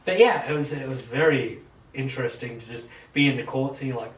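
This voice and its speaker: A man's voice: medium pitch, a little fast. Male podcast host, casual swearing storyteller acting out quotes; roomy shed sound from a distance. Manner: profane, animated, acts out quotes. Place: home shed. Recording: echoey shed, mic at a distance.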